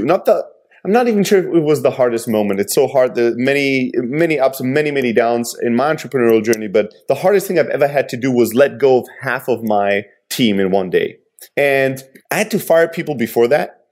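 A man's voice: medium pitch, a little mellow. A man hosting a casual conversation, open and reflective as he asks questions and shares stories.

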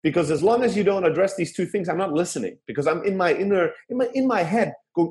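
Lively man teaching phone sales. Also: high-pitched, quick pace, hardly any pauses, echoey room. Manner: animated, emphatic, casual with swearing. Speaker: sales instructor. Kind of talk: informal teaching talk.

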